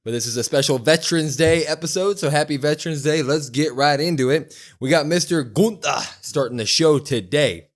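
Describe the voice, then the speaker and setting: A young man co-hosting a casual podcast, retelling events in an animated way and acting out the quoted lines. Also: fairly high pitch, moderate pace. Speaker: podcast co-host.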